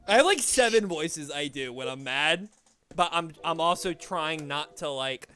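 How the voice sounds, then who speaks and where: A man's voice: a little high, animated, measured pace, pushed and bright, clear, resonant tone. A young man streaming a game, chatting casually in a rambling, laid-back way with lots of swearing and filler words. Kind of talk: casual chat while gaming.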